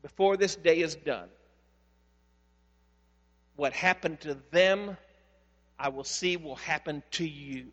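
A man's voice: on the high side, slow, long pauses, a bit bright, voice pushed down. A man preaching, voicing a vengeful queen who threatens a prophet, in a reverberant hall. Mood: threatening.

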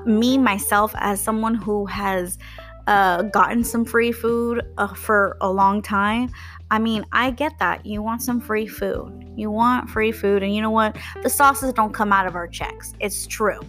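A woman's voice: mid-range voice, steady tone, unhurried, a bit bright, soft background music. A young woman from Texas hosting a podcast, ranting about customers in a blunt, profane, sarcastic way. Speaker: podcast host. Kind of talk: casual rant.

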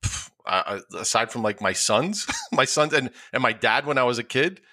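Animated, laughing man chatting on a podcast. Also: mid-range voice, moderate pace. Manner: laughs often, animated, stumbles and repeats words. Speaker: podcast co-host. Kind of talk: casual chat.

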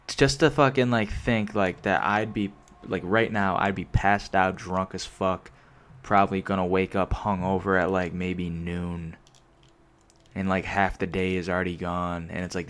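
A man's voice: sits low, a bit bright. A young man ranting casually into a microphone, rambling with lots of filler words and constant swearing. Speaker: solo vlogger. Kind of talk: casual unscripted rant. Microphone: desk microphone.

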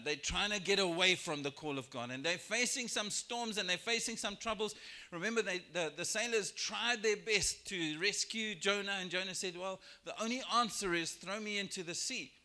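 A man preaching a sermon in church, lively and expressive, acting out biblical characters in raised voices. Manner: animated, acts out quoted voices with rising pitch and volume. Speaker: pastor. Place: church sanctuary.

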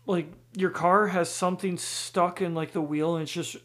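A man's voice: high-pitched, steady tone, moderate pace, a bit bright. A man chatting casually on a podcast, rambling loosely through his explanations. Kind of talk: casual chat among friends.

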